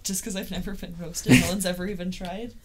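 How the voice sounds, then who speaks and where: A woman's voice: fairly low pitch, fairly even intonation, fairly quick, a crowd in the background. A young woman chatting as a guest, giggly and easygoing. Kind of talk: casual chat.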